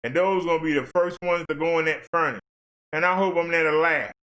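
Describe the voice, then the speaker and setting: A man's voice: a little high, a little fast, fairly bright tone. A man ranting on a livestream in a fervent, blunt, preachy way. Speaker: livestream commentator.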